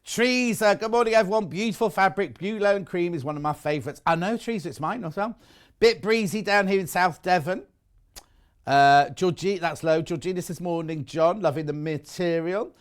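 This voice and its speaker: In a TV studio, a British man presents a live craft shopping show, chatting and teasing as he reads viewer messages. His voice sits high and his delivery is brisk.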